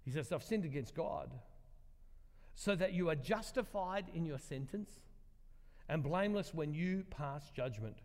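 A man's voice: fairly high pitch, expressive, measured pace, darkish tone. Older man preaching in a reverberant church. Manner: conversational, asks the congregation questions, self-deprecating humor. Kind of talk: sermon.

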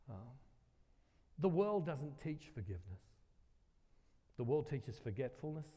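A man's voice: medium pitch, warm tone. Earnest preacher, man, in a reverberant church. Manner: earnest, repeats phrases for emphasis. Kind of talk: sermon with personal storytelling. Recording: long hall reverb.

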